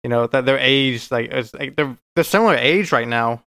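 A man's voice: mid-range voice, moderate pace, a bit bright, clear, resonant tone. A man co-hosting a casual podcast chat, hesitant and repeating words as he thinks aloud. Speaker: podcast co-host.

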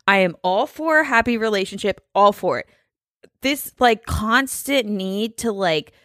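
Casting note: female podcast co-host, blunt and fed up, medium pitch, dry close mic. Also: fairly bright tone, no echo. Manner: blunt, exasperated, swears freely. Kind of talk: casual chat.

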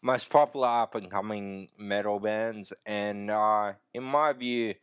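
A man hosts his podcast in a slow, unhurried drawl, his throat a little croaky. He rambles, curses and loses his thread as he goes. The sound is dry and close, with no room echo. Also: fairly low pitch, fairly even intonation. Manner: rambling, profane, self-interrupting. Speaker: podcast host. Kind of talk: unedited casual monologue.

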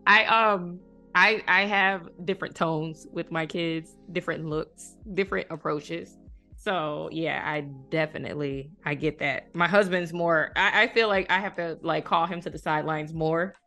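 Chatty woman podcast host, low-ish voice. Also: normal speed, sharp tone, soft background music. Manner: chatty, lots of "like" fillers, laughs easily. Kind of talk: casual interview chat.

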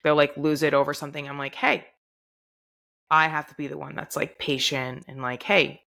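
A young woman with a bright, forceful voice that sits a little low, co-hosting a casual podcast chat. She tells stories with animation and acts out the lines other people said. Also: quick pace, creaky. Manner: animated storytelling, acts out quoted dialogue. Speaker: podcast co-host.

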